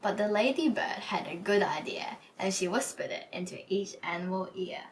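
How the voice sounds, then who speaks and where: A woman hosting a book club episode, reading a children's picture book aloud in a gentle storytelling manner. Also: mid-range voice, normal speed, recorded from a distance, a little hiss or hum, low-quality recording. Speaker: storybook reader.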